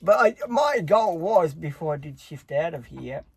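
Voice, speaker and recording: Streamer, rambling, swears, slightly high. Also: male voice, animated, normal speed, gravelly, breathy edge. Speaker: live streamer. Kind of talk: casual chat. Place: home.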